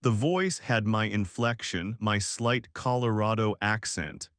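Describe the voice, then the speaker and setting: A man reading a first-person horror story aloud as scripted narration, with a measured storytelling delivery. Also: lowish voice, steady tone, a bit bright, no echo, studio quality.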